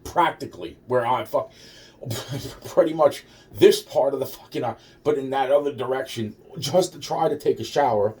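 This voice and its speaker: A man's voice: medium pitch, normal speed, a little mellow. A man telling a rambling personal story, swearing constantly and restarting his sentences. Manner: profane, rambling, full of restarts. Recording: voice distant from the mic.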